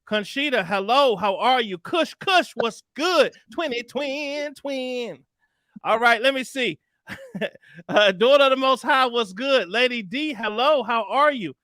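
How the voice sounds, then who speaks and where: A man with a very high, bright voice hosts a live stream in a relaxed, slangy way. He greets viewers one after another, and the sound is close and dry with no room echo. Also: measured pace. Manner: laid-back, chatty, slangy shout-outs. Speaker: livestream host.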